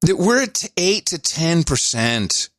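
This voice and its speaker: A man co-hosting a podcast in casual chat, ranting in an animated, scoffing way. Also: on the high side, slow pace, dry recording, studio quality. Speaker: podcast co-host.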